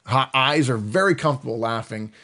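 A middle-aged man co-hosting a podcast, talking quickly and animatedly. His voice sits at an ordinary middle pitch, and laughter keeps breaking into his talk. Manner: fast, animated, frequent laughter. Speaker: podcast co-host. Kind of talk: animated casual chat.

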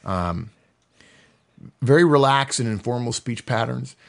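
Animated middle-aged man explaining at length. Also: mid-range voice, measured pace, creaky. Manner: animated, acts out quotes in voices. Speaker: podcast host. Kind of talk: casual explanatory chat.

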